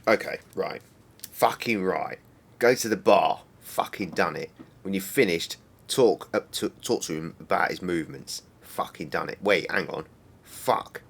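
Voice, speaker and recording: A man's voice: low voice, measured pace, vocal fry, fairly bright tone, husky. A man in his thirties streaming a game, rambling and joking with lots of swearing. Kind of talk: casual game stream commentary.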